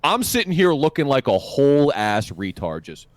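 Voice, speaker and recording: A man's voice: medium pitch, sing-song, normal speed, no room sound. A young man co-hosting a podcast, telling a crude, profane story in a rambling way with stammers and restarts. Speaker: podcast co-host. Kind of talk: casual storytelling chat.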